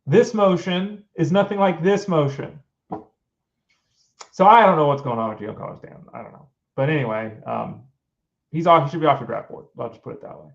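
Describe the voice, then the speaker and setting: Middle-aged male sports show host, fairly high voice, exasperated and rhetorical, muffled lo-fi recording. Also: fairly quick, gravelly. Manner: exasperated, fires off rhetorical questions. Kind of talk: casual opinionated commentary. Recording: dull lo-fi sound.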